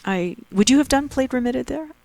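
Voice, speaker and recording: A woman with a Canadian accent giving chatty, excitable live commentary on a board game tournament. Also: high-pitched, moderate pace, gravelly, dry recording, rough recording. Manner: chatty, excitable, laughs easily.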